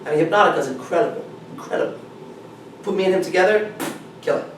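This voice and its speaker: A man's voice: high voice, fast. A man coaching a small group, talking bluntly and with heavy swearing. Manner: blunt, profane, emphatic. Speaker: dating coach. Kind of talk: seminar talk to a small group. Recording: echoey room, mic far off, faint noise.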